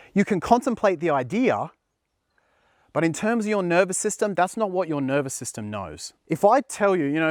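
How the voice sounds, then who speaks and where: A man delivers dating advice straight to camera in a fairly high voice. He sounds earnest and emphatic, and doubles up words when he pushes a point. The recording is close and dry. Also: no echo. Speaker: dating coach. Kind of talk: direct-to-camera coaching talk.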